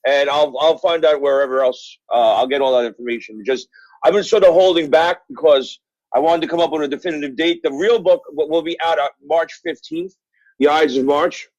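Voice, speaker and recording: A Brooklyn-born author in middle age talks fairly quickly in a slightly high, somewhat mellow voice, with no echo. Calling in as a guest for a casual interview chat, he tells wandering, profane stories laced with fillers over dull phone audio.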